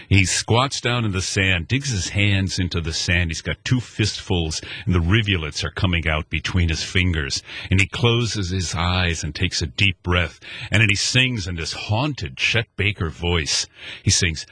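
An older man, a guest telling an animated story who acts out dialogue and scats rhythms aloud. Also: sits low, normal speed, husky, no room sound.

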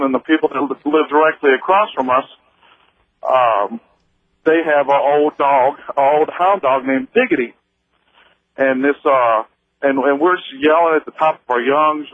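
A man from Missouri calls a talk radio show over a tinny phone line, his voice pitched a little high. He tells his story haltingly, stumbling into restarts and fillers, close to the mouthpiece with no room sound. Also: no room sound. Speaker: radio caller. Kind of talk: telling a personal story on a call-in show.

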